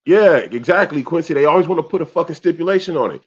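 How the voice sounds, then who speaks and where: A young adult man co-hosting a casual talk show, animated and profane, reading out comments from viewers. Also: a little high, fast talker, husky. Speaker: podcast co-host. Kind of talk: casual chat. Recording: dull lo-fi sound.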